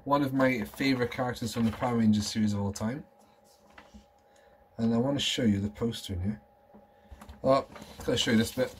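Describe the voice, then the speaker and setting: Man, 30s, collector vlogger, excitable rambling chat, mid pitch, slight background noise. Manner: rambling, enthusiastic, nostalgic. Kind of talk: casual show-and-tell chat.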